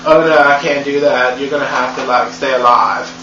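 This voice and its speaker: A man's voice: mid-range voice, fairly even intonation, normal speed, sharp tone, reverberant, lo-fi sound, slight background noise, natural voice. A man voicing a brooding teenage vampire boy who turns people down bluntly and curtly. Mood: reluctant.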